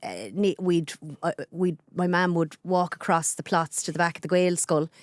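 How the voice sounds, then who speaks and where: A woman's voice: fairly low pitch, steady tone, dry recording. A woman in her forties with a Carlow Irish accent, chatting as a guest on a podcast. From Ireland. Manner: chatty, talks fast with her hands. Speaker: guest, journalist and radio presenter. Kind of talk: casual podcast interview.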